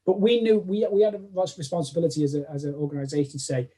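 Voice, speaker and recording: A man with a Manchester accent, chatting as an interview guest. His voice sits a little high for a man. He talks in a loose, rambling way and keeps restarting his sentences. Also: very fast, dark tone. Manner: rambling, lots of restarts and self-corrections. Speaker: guest cosplayer. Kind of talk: casual interview chat.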